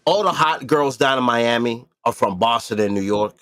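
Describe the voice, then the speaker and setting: A man's voice: medium pitch, normal speed, a bit bright, no room sound, clean studio sound. A man hosting a podcast in casual chat, emphatic and profane, repeating himself for effect. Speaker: podcast host.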